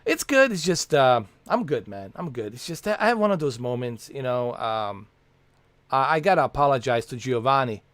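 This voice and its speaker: A man's voice: medium pitch, lively intonation, normal speed, fairly bright tone, no echo. A man hosting a casual livestream from home, rambling and swearing with lots of fillers. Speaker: livestream host.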